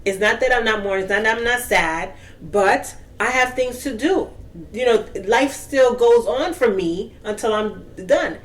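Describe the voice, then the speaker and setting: A woman's voice: fairly high pitch, a little slow. A woman in casual Bible discussion, acting out quoted dialogue as she tells stories. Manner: animated storyteller acting out dialogue. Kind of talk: casual group Bible chat.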